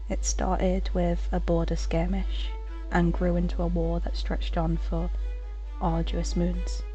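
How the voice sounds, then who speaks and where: A woman voicing an earnest young cat clan leader, speaking with a St Helens English accent in a solemn, measured storytelling manner. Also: on the low side, warm tone. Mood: grave.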